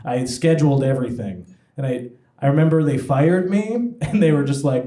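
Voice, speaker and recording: A man's voice: mid-range voice, expressive, moderate pace, dark tone. A young man performing a self-deprecating stand-up comedy set at a party venue, often laughing at his own jokes. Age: young adult. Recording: echoey room with crowd laughter.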